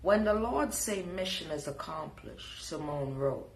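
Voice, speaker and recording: A woman's voice: low-pitched, lively intonation, measured pace, reverberant, a little hiss or hum. A woman with a Jamaican accent, scolding and preaching in a sassy live reaction rant. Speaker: social media commentator.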